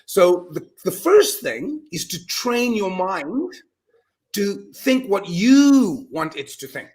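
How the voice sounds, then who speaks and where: A man talking as a guest in a casual interview, telling animated stories and acting out his own self-talk, often restarting words. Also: sits high, takes it slowly. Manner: animated storyteller, repeats words when restarting. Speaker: podcast guest, mindset coach.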